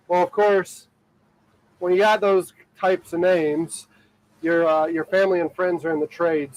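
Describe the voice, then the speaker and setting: A high-pitched man from Ohio, USA, is livestreaming from a boat on the water, rambling to viewers with lots of fillers and "like"s and laughing often. The recording is dry and low in quality.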